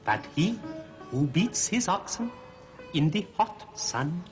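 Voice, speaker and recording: A man doing a slow, intoning mystic sage. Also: sits high, very animated, exaggerated voice. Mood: solemn. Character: solemn male mystic sage giving proverbs. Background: sitar music.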